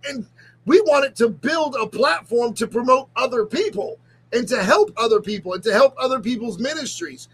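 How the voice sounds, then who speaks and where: Middle-aged ministry leader, confessional vlog, halting and near tears, speaks high. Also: male voice, lively intonation, breathy edge, low-quality recording. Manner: halting, repeats himself, restarts sentences. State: on the verge of tears.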